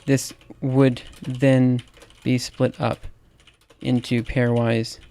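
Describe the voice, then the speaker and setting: A mellow, mid-range, level-toned voice belongs to a man in his thirties from Alabama who has a Southern accent. Chatting casually on a livestream as he types, he's halting and full of fillers, laughing at himself, while quiet music and typing play behind.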